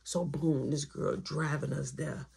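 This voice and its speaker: A woman telling a personal story in a storytime vlog, animated and acting out every voice. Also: low voice, measured pace, vocal fry, slightly rough.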